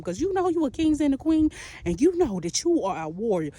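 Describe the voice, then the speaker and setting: Woman preacher, high and mellow, rhythmic repetitive prophetic exhortation. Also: very animated, fairly quick. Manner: rhythmic, repetitive preaching, calls listener "baby", laughs between lines. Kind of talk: impassioned prophetic sermon.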